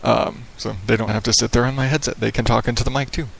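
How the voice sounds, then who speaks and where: Podcast host, man, gravelly middle-pitched voice, loose rambling radio delivery on a headset mic, small echoey room. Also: steady tone, fast, fairly bright tone. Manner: rambling, profane, laid-back radio-style delivery. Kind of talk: casual solo podcast monologue. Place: small echoey home office with hardwood floors. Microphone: headset microphone.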